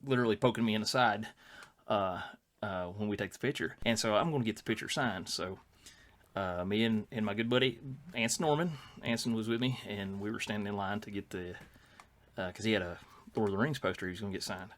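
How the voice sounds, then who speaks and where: An older man with a drawl tells a long, rambling anecdote in casual podcast chat. His voice sits low. He often trails off and restarts mid-sentence. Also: brisk, fairly bright tone. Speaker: podcast co-host.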